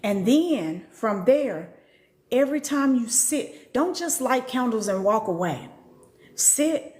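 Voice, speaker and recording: A woman's voice: expressive, slow, darkish tone. A middle-aged woman, a spiritual teacher, talking casually on a live stream with slangy, profane storytelling that jumps into quoted voices. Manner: acts out quotes in a much higher voice.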